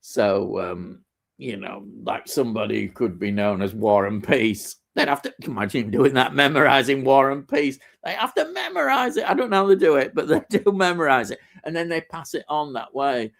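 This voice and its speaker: Rambling man with lively pitch. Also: moderate pace, vocal fry. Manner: rambling, enthusiastic, with fillers and restarts. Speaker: live stream host. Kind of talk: casual film chat on a live stream.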